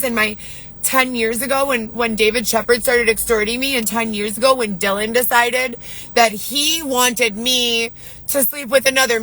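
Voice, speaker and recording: A woman's voice: fairly high pitch, a bit bright, rough recording. A woman ranting on a live video in a distressed, rambling way, swearing often. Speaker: livestreamer. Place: Chicago.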